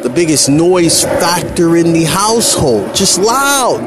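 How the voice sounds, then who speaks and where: A man's voice: on the high side, sing-song, slow, hardly any pauses, background noise. A man from California hosting a podcast, musing aloud in a loose, reflective solo ramble outdoors. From California, USA. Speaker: podcast host. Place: outdoors, with a helicopter overhead. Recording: loud jazz music playing behind the voice.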